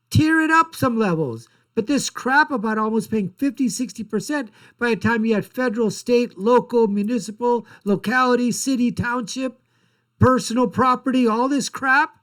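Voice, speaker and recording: A man's voice: very high voice, a bit bright. Blunt, sarcastic male commentary host. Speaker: political commentary show host. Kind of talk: ranting political commentary.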